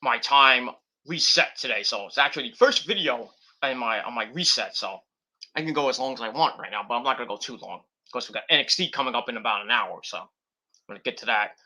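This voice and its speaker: A man's voice: medium pitch, lively intonation, fast, pushed and bright. A man hosting a casual wrestling predictions show, rambling off the cuff with cursing and mocking nicknames. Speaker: host.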